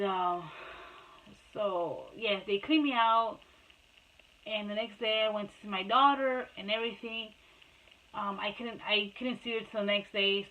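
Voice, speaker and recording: A woman's voice: medium pitch, a bit bright, low-quality recording. A woman vlogger telling her own story in a rambling, emotional, candid way, switching between English and Spanish. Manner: rambling, emotional retelling, addresses viewers as guys. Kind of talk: personal storytelling vlog.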